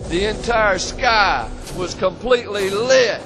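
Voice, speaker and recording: A man's voice: high-pitched, slow pace, music in the background. A man telling a historical tale as a profane, folksy storyteller, full of swearing and colloquial talk.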